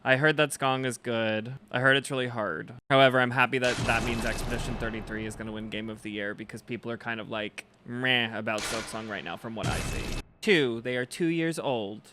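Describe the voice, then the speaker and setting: A young man streaming a game live, chatting casually with viewers and reacting as he plays, with loud game music behind him. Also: medium pitch, fairly quick, hardly any pauses, background noise. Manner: casual, chatty, reacting to chat with swings between excitement and frustration. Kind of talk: live gameplay commentary.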